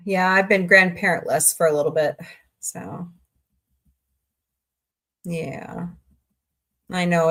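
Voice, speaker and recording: A middle-aged woman from Southwest Missouri, with a low-sitting, slightly bright voice, hosts a casual livestream. She chats and rambles in reply to viewer messages.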